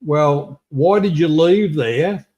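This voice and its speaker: A man's voice: on the high side, slow pace, darkish tone. A man in his sixties with an Australian accent, rambling and swearing with many restarts as he hosts a livestream chat. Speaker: host. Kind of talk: casual chat. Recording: livestream video call.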